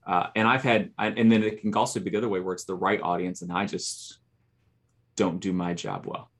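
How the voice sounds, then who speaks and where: A man who is a poet, talking earnestly in a casual podcast, halting and restarting often. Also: low-pitched, steady tone.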